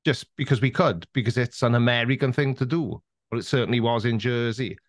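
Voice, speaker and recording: A Welsh man chatting as a podcast guest, telling anecdotes with lively energy and frequent restarts. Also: medium pitch, brisk, dry recording, studio quality. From Wales. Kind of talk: casual interview chat.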